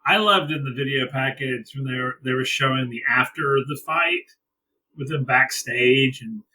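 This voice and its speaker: A man's voice: medium pitch, moderate pace, pushed and bright, poor audio. A man co-hosting a podcast, gushing in casual chat and retelling his own reactions to a wrestling show. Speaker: podcast co-host.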